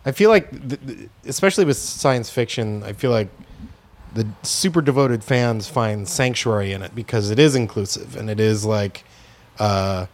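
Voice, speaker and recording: A man co-hosting a podcast, speaking in a thoughtful, measured way during casual chat. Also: fairly low pitch, darkish tone.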